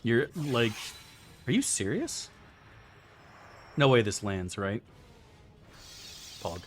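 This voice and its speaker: A young man live-streams a game, chatting loosely and cursing with his viewers while reading their messages. His mid-range voice is very animated yet slow, with slight background noise.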